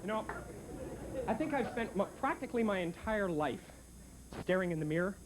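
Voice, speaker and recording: A male stand-up with a theatrical, mock-grand delivery. Club noise is clearly heard around him. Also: high voice, lively intonation, normal speed. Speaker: comedian. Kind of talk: stand-up comedy.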